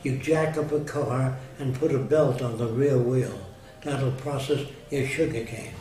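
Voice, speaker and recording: A man's voice: mid-range voice, unhurried, warm tone, slight background noise. An older man talking casually, telling plain-spoken anecdotes and giving blunt opinions. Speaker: guest. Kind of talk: casual storytelling conversation. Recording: roomy echo, far mic, music behind.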